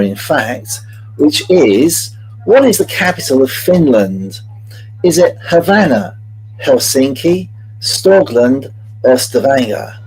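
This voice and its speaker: Man, quiz host, chatty, jokey, mid-pitched voice, faint music behind. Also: a little mellow, rough recording. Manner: chatty and jokey, greets viewers by name. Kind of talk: hosting a live-streamed multiple-choice quiz.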